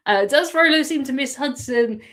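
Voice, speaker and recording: Bright-toned and high-pitched, this woman from England runs a cruise live stream. She's an English host who chats loosely with viewers, answers their questions, and laughs frequently.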